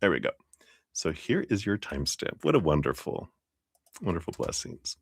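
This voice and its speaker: Lively low-voiced man reading tarot. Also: normal speed, husky, dry recording. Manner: chatty, laughs often, talks to chat viewers by name. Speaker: tarot reader. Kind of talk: live-stream tarot reading.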